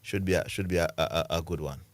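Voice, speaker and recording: A man's voice: sits low, quick pace, dry recording, studio quality. A man with a Jamaican accent co-hosting a sports radio show, giving emphatic opinions in a laid-back, casual way.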